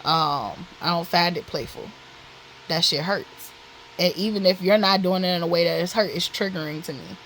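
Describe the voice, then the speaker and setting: A woman's voice: on the low side, moderate pace, fairly bright tone, slight background noise, low-quality recording. A woman vlogger telling a personal story candidly, blunt and profane, with lots of "like" and "literally" fillers.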